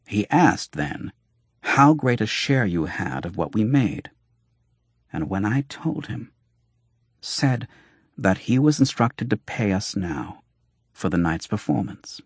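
A sly, fox-faced doctor and traveling showman, voiced by a man in an audiobook, speaks with wry, mocking ease. The voice sits low and husky. The sound is close and dry. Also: very animated, slow, pauses often, no echo, exaggerated voice. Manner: wry, mocking, flowing speech. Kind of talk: audiobook reading.

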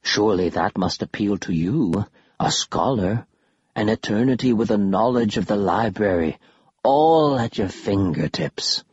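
Creeping skull-headed spirits of a library, whispered by a man narrating a storybook speak in slow, husky hushes. Their voices sit low and tempting. The sound is dry and a little lo-fi. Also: lively intonation, no room sound. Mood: sinister tempting. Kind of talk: audiobook reading.

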